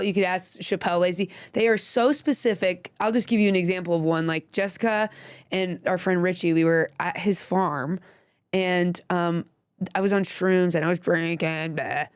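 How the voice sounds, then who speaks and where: A woman's voice: lowish voice, clear, resonant tone, no echo. Giggly woman comedian telling stories. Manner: giggly, rambling storyteller. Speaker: podcast guest, comedian. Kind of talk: casual chat, storytelling.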